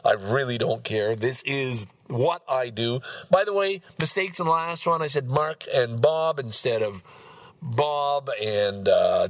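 A man with a mid-range voice and no echo hosts a solo podcast. He rambles bluntly, swears freely, and drifts from topic to topic in a profane, digressive way.

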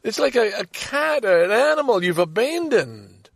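A man's voice: high voice, very animated, a little slow, vocal fry, no echo. A middle-aged man telling a personal story in an emotional, casual monologue, often talking to himself. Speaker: podcast host.

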